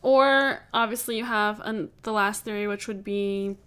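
Woman, co-host, casual true-crime chat, talks theories through, mid-pitched voice. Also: measured pace, fairly bright tone, clear, resonant tone. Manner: chatty, speculative, laughs easily. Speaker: podcast co-host.

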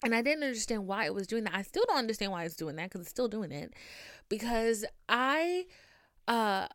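A woman's voice: a little high, moderate pace, no echo, studio quality. Profane young woman venting on her podcast. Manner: profane, dramatic, animated storytelling. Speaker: podcast host. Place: home recording setup. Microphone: podcast microphone.

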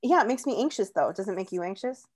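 A woman's voice: mid-range voice, quick pace, husky. Chatty young woman telling stories. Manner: chatty, animated storytelling with many "like"s. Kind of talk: casual chat.

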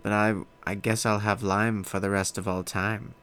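A man's voice: fairly low pitch, little pitch movement, moderate pace, a bit bright, smooth. A man hosting a solo podcast from his desk, rambling casually with a self-deprecating, swearing manner. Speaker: podcast host.

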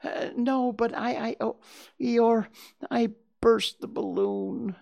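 A woman's voice: a little high, fairly even intonation, slow pace, vocal fry, a little mellow, highs cut off, exaggerated voice. Piglet, a woman voicing a timid little pig. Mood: anxious. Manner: hesitant, stumbling apologies. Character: small timid young male piglet, anxious and apologetic. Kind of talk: storybook reading.

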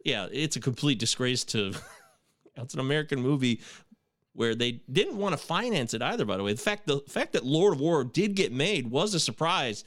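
A man hosting a casual podcast, chatting in an animated, profane way. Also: medium pitch, normal speed, no echo, studio quality. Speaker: podcast host. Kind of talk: casual chat.

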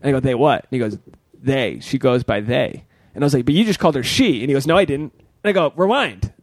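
Animated man in his thirties, dry studio. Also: fast talker, no room sound. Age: 30s. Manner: animated storyteller, swings pitch when quoting people. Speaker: podcast co-host. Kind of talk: casual podcast chat. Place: podcast studio.

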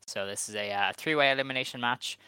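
A man co-hosting a casual podcast, laying out details and then cutting in with dry, sarcastic remarks. His voice is smooth and bright, and the mic sounds dry. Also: medium pitch, fast, dry recording. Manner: dry, sarcastic rundown of the card. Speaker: co-host. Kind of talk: casual wrestling podcast chat.

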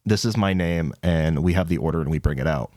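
A young man, a college student co-hosting a podcast, chats casually and tells a long, rambling story full of swearing and laughter, his voice jumping high in quotes. He talks fairly quickly in a slightly mellow tone, recorded dry with clean studio sound.

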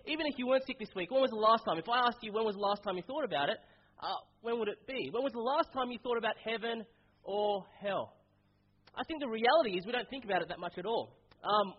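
Male preacher with a cold: nasal, stuffy, very high and husky, chatty delivery, dull lo-fi sound. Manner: casual, conversational preaching with many fillers. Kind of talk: sermon.

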